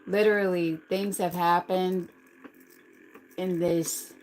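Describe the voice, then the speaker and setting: Middle-aged lady on a live stream, rambly and earnest, lowish voice, faint hum behind her. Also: flat delivery, takes it slowly, a little mellow, rough recording. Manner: earnest, rambling, talks straight to viewers. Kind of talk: casual live-stream chat.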